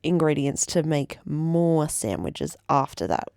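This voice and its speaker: A woman's voice: low voice, big pitch swings, measured pace, vocal fry, darkish tone, no room sound, studio quality. A woman co-hosting a podcast in casual chat, teasing, laughing a lot and swearing freely. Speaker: podcast co-host. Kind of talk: casual chat recapping a sitcom episode.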